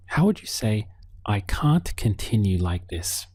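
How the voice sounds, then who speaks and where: A man giving a spoken language lesson, calm and patient, modelling each word slowly so the listener can repeat it. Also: fairly low pitch, slightly rough, dry recording, clean studio sound. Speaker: language teacher. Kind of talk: slow, deliberate spoken lesson.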